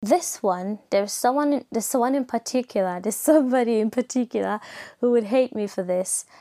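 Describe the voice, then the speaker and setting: A woman's voice: a little high, normal speed, over music. Young woman from Nigeria, solo podcast host; casual, rambling, filler-heavy delivery. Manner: chatty, rambling, full of "like" and self-corrections.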